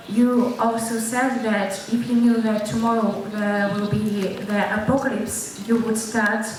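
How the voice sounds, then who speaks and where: A woman asking a question from the audience at a lecture, eager and excited. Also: on the high side. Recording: echoey hall, distant mic, audible noise.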